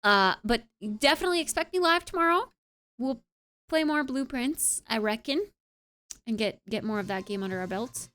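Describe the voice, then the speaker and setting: A woman's voice: high voice, animated, moderate pace, sharp tone. A young woman streamer wrapping up her live stream in casual, rambling chat, with lots of filler sounds and playful asides. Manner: playful, tries out accents.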